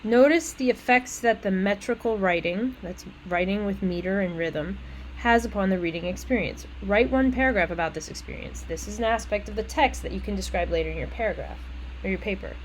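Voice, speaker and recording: A woman college English instructor walks through essay instructions in a conversational way, with casual asides and quick self-corrections. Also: mid-range voice, slight background noise, low-quality recording.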